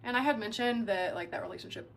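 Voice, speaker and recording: A young adult woman telling a dating story in a casual, animated way, with lots of "like" fillers. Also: medium pitch, quick pace, gravelly, a little hiss or hum. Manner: chatty, animated, heavy use of filler "like".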